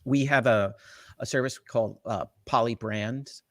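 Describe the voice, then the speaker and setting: A man's voice: mid-range voice, unhurried, fairly bright tone, no room sound. A middle-aged man from the Shore, explaining technology as a guest in an enthusiastic, rambling way, with lots of fillers and restarts. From Jersey Shore, US. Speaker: tech evangelist guest. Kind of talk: casual interview explanation.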